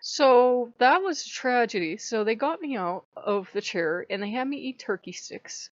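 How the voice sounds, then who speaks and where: A woman's voice: a little high, lively intonation, a little slow, no room sound, highs cut off. A woman telling a personal story in a chatty vlog, often breaking into laughter. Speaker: channel host.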